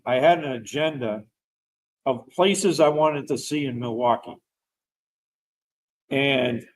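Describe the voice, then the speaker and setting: A middle-aged veteran appearing as a guest tells a personal story in a casual, rambling way, animated and laughing as he talks. His voice is a little high, and the recording quality is low.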